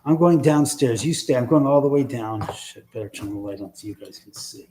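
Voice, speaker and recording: A man's voice: medium pitch, a little fast, a little hiss or hum. Grumbling man scolding the spirits. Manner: grumbling, cursing to himself, scolding unseen spirits; swings between sudden loud outbursts and whispered mutters. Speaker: host of a live ghost-hunting stream. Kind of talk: live stream, casual chat. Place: indoors in his own house, moving between rooms and stairs.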